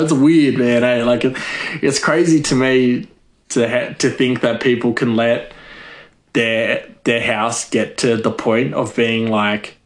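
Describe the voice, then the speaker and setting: A man telling a rambling comedic monologue, full of fillers and laughing at his own jokes. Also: mid-range voice. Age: adult.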